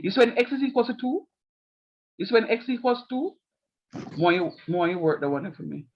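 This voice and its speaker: A man's voice: high-pitched, lively intonation, a little fast, lo-fi sound, slight background noise. A man teaching a calculus class, explaining step by step and repeating himself often.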